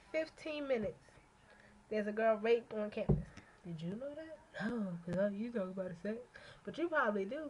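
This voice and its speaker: A woman's voice: medium pitch, slight background noise, poor audio. Blunt, cursing young woman vlogging. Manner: blunt, profane, ranting. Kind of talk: casual rambling monologue.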